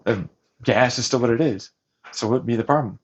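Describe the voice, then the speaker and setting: A man's voice: medium pitch, a little fast, a little hiss or hum. Profane, mocking man on lo-fi audio. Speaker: vlogger recounting a family dispute. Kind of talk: heated argument and ranting commentary. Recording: dull lo-fi recording.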